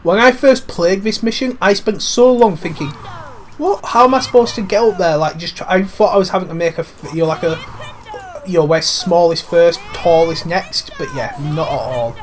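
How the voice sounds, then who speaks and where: A fairly high-pitched man with a cold talks at normal speed over a video game, with slight hiss or hum in the background. His let's-play commentary is cheeky and rambling, sprinkled with mild swearing.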